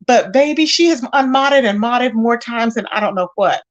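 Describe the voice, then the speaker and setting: A woman hosting a casual live stream, animated, greeting viewers with pet names. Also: fairly high pitch, fast talker. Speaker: host of a live commentary channel.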